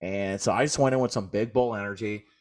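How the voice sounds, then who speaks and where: A man's voice: lowish voice, quick pace. A man, co-hosting a podcast and telling a rambling, profane story in casual chat. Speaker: podcast co-host.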